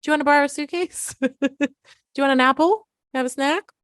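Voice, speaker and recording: A breezy, dismissive mother, high and sing-song, mocking a child who threatens to leave, as a woman puts her on. The voice jumps well above the speaker's usual pitch and sounds dry and close. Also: rapid-fire, dark tone, no room sound, lightly acted.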